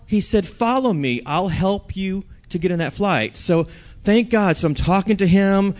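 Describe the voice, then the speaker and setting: A man's voice: high-pitched, unhurried, a little mellow. A man preaching a sermon, telling a personal story and asking the audience questions.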